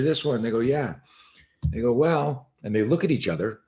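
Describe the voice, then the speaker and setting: A middle-aged man, a self-defense instructor, telling an animated story as a podcast guest and acting out the voices in it. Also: medium pitch, moderate pace.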